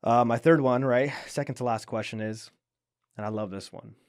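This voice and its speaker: A man hosting a podcast asks interview questions and responds to his guest with quick, encouraging agreement. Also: mid-range voice, steady tone, clean tone, no echo, clean studio sound. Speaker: podcast host. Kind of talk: interview questions and brief backchannels.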